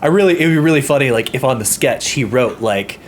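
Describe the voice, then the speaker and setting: A man co-hosting a podcast, telling a story in an animated way and acting out what people said. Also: medium pitch, fairly quick, a little hiss or hum. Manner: animated storyteller, acts out quotes. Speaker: podcast co-host. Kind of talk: casual chat, storytelling.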